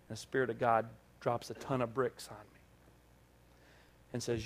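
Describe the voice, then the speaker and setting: Man, pastor, sermon delivery; animated storyteller who acts out dialogue; mid-range voice. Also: medium pitch, normal speed, pauses often. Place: church service.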